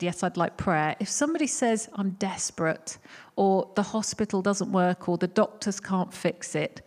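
A middle-aged woman teaching a church audience about praying for healing. She talks in a relaxed, conversational way, candid and a little self-mocking, and her pitch sits at an ordinary middle height for a woman. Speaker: Christian teacher on healing prayer. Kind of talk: teaching talk with personal story.

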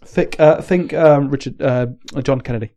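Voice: mid-range voice, moderate pace, warm tone. A player chatting casually during a party game, often flustered and laughing. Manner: giggly, flustered.

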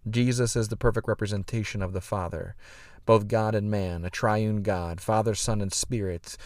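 Earnest low-voiced male preacher. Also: no echo, clean studio sound. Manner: earnest, explanatory, with frequent fillers and restarts. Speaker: pastor. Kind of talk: sermon.

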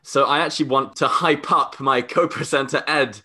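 A man's voice: medium pitch, moderate pace, pushed and bright. A man co-hosting a casual chat, amused and self-deprecating, laughing often. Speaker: podcast co-host.

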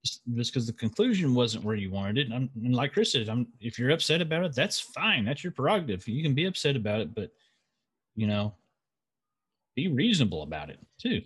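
A man co-hosting a podcast, giving emphatic, animated opinions in casual chat. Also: medium pitch, brisk, slightly rough. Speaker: podcast co-host.

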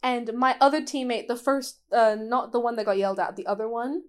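A chatty woman in a casual podcast, telling a story with lots of laughter. Her voice sits a little high, and she acts out what other people said in quick, animated bursts. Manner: animated, laughing often, acting out quoted voices. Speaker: podcast co-host.

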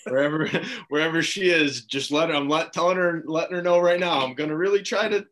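A man co-hosting a podcast, chatting casually, agreeable and quick to laugh. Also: on the high side, a bit bright. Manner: laughs easily, agreeable backchannels. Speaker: podcast co-host.

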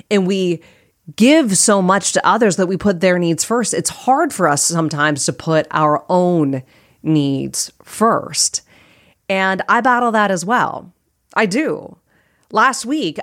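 A woman's voice: lowish voice, dry recording, studio quality. A woman hosting her own podcast as a life coach, talking earnestly and casually, often repeating phrases for emphasis. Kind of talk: casual solo podcast talk.

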